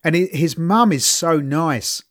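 A man's voice: fairly high pitch, measured pace, a bit bright. A man in his fifties co-hosting a podcast, chatting casually, laughing often and acting out voices in his retellings. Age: 50s. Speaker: podcast co-host. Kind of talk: casual chat.

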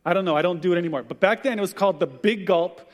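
High-voiced male pastor in a reverberant hall. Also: racing. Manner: animated storyteller who acts out quoted voices. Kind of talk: sermon.

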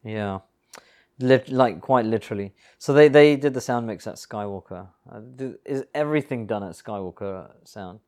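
A man's voice: on the low side, normal speed, darkish tone. A man hosting a casual film commentary podcast, chatty and joking, swearing freely. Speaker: podcast host.

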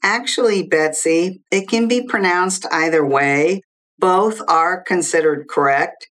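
A woman who is a social worker, a guest expert giving measured, explanatory interview answers. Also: fairly low pitch, a bit bright. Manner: measured, explanatory, lists figures clearly.

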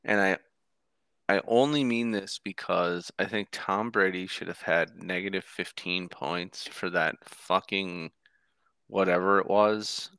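A man co-hosting a fantasy football podcast, telling animated stories in casual chat and swearing now and then. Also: sits low, a little slow, clean tone, no echo, studio quality. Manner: animated storyteller, swears, mimics others.

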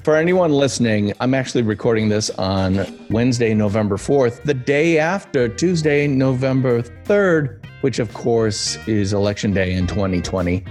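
A man's voice: medium pitch, lively intonation, moderate pace, few pauses, darkish tone, faint music behind. An American man hosting a podcast interview, chatty and joking, with rambling asides. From United States. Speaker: podcast host. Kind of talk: casual interview chat.

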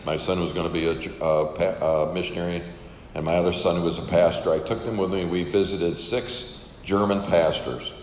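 Older guy, chatty missionary story, low voice, faint rumble under it. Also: steady tone, moderate pace, a little mellow, roomy sound, in a large hall. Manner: casual, chatty, acts out quoted dialogue. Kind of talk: storytelling testimony to an audience.

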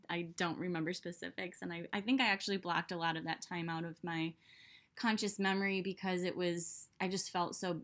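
A woman's voice: lowish voice, a bit bright. Chatty young woman talking self-growth. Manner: chatty, many "like" fillers. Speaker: self-development podcaster. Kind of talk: casual monologue.

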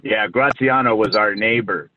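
A man from New York, a guest in a casual interview, recalling the past with halting restarts and fond asides. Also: fairly low pitch, a crowd in the background. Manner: rambling, halting, full of restarts and warm recollection. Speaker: guest recalling a childhood acting career. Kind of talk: casual interview over a call. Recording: tinny phone-like line.

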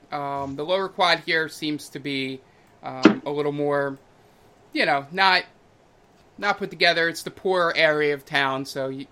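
A man narrating a tabletop game as game master, pausing often with ums and uhs. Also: fairly high pitch, bright, forceful tone. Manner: halting, lots of ums and uhs.

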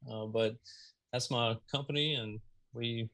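A man from Mississippi in his thirties with a Southern accent, a guest on a video call, telling a story in a casual, animated way. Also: mid-range voice, unhurried. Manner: animated storyteller, acts out his own past lines. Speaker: guest, car audio business owner.

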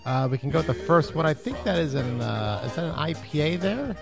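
A man's voice: fairly high pitch, big pitch swings, brisk, gravelly, music in the background. A man co-hosting a podcast, chatting casually about beer with lots of hesitant filler sounds. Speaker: podcast co-host. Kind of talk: casual chat while tasting beer.

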